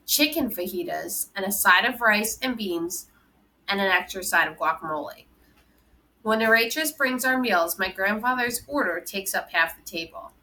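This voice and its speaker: A woman reads a children's novel aloud, steady and even as she tells the story. Her voice is bright and clear, pitched in a normal middle range. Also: slight background noise, rough recording. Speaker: audiobook reader.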